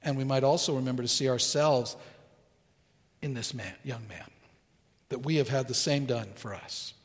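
A man preaching a sermon as pastor in a church, earnest and deliberate, pausing to stress key words. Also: medium pitch, in a large hall. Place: church sanctuary.

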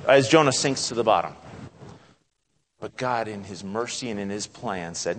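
A man delivering a sermon in a church, his voice ringing with a long reverb. He swings from loud, climbing exclamations down to soft, hushed passages. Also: fairly quick. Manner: dramatic, acts out God's lines with rising pitch and volume; drops to a hushed, soft tone at solemn points. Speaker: preacher.

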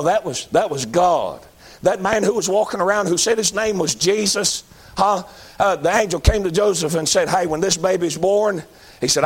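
A man with a high, tenor-ish voice preaches. His delivery is folksy and conversational, rising into emphatic, repeated declarations. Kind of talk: sermon.

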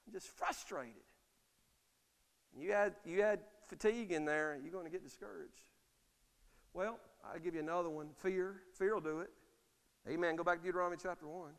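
A man's voice: sits high, a little fast, fairly bright tone, clear, resonant tone. A male pastor preaching a sermon. He calls out "Amen?" to the congregation and acts out the words of the people in his stories. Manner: preaching with call-and-response "Amen?" and acted-out quotes. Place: church sanctuary. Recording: long hall reverb.

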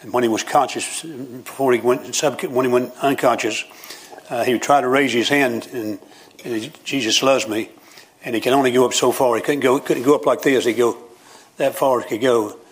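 A man's voice: mid-range voice, fairly even intonation, fairly quick, breathy edge. An older male preacher delivering a sermon in a folksy, storytelling way. He tells homespun jokes and climbs to emphatic points. His voice sits in an ordinary middle range. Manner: folksy, joking storytelling with rising emphatic lines.

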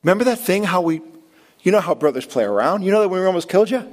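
A man preaching a sermon in an earnest, impassioned way, with dramatic pauses. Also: high-pitched, very animated. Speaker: pastor.

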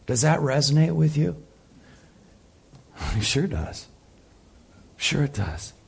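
A man preaching a sermon, impassioned, swinging between loud peaks and soft, quiet passages. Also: a little high, sing-song, slow, gravelly, husky. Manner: impassioned, rising loud then dropping soft. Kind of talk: sermon teaching.

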